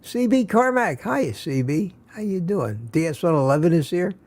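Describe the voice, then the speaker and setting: Older man as a weary live-stream host, casual and halting, a little high-pitched. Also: lively intonation, darkish tone. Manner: halting, many restarts and fillers. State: tired.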